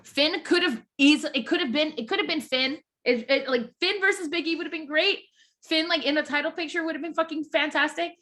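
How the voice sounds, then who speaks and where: Bright, swearing woman podcast host. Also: high-pitched, a little fast. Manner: animated, swears a lot, restarts sentences. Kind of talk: casual chat.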